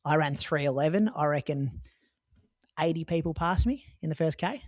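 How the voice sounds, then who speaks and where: A man's voice: fairly high pitch, moderate pace, no echo, clean studio sound. A man with an Australian accent, chatting on a running podcast and recounting a marathon with loose, filler-heavy storytelling. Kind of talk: casual podcast chat.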